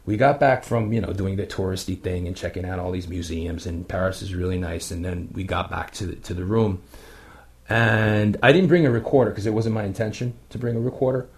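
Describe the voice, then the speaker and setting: A man's voice: low-pitched, fairly quick. A man telling a ghost-hunting story in a rambling, casual way, full of fillers. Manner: rambling, many fillers, animated retelling. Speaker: guest paranormal investigator.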